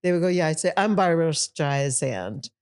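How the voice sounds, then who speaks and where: An older woman, a tantra teacher and podcast guest, telling stories in an animated way and acting out the voices of people she quotes. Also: sits low, moderate pace. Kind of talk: casual podcast conversation.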